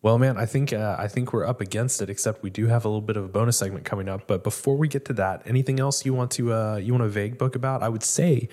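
A man's voice: lowish voice, fast talker, few pauses, a little mellow. A man hosting a casual podcast interview, chatty and upbeat. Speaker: podcast host.

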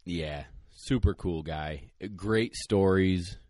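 Low-voiced man telling hunting stories. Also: takes it slowly, warm tone, no echo, clean studio sound. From northern United States. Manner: storytelling, laughs as he talks. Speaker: podcast host. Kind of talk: casual chat.

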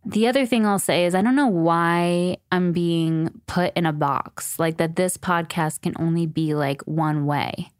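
Twenties woman hosting a podcast; low, smooth voice, candid, swears a lot, dry close-miked sound. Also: a little slow, hardly any pauses, dry recording. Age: 20s. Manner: candid, emphatic, swears freely. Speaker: podcast host. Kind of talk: casual podcast conversation. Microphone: close podcast mic.

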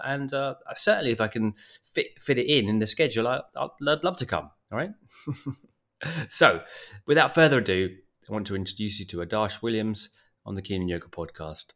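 Middle-aged male podcast host, low voice, quick rambling delivery full of fillers. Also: a bit bright. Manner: rambling, many restarts and fillers. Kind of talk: casual podcast talk. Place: Bali.

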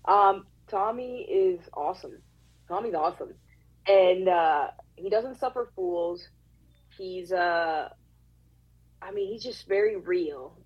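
Husky lowish puerto rican-accented woman, candid chatty storyteller, kinda muffled. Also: slow pace. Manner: candid, profane, emotional storytelling with acted-out quotes. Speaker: actress guest. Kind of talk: casual podcast storytelling.

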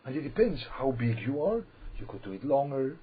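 A man giving a holiday sermon as a religious teacher, speaking haltingly, often repeating words and restarting, and checking in with his listeners. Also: medium pitch, big pitch swings, husky. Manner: checks in with listeners, asking "yeah?". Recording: slightly dull lo-fi recording.

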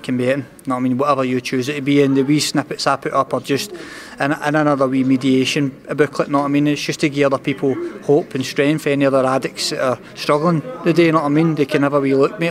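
A young man with a thick Glasgow accent speaks as a boxer in an interview, earnest and open. His words tumble out at a rapid clip in a fairly level, even tone, and he tags nearly every line with "mate" and "know what I mean". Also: fairly high pitch. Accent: Scottish, Glasgow. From Scotland. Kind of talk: candid interview talk.

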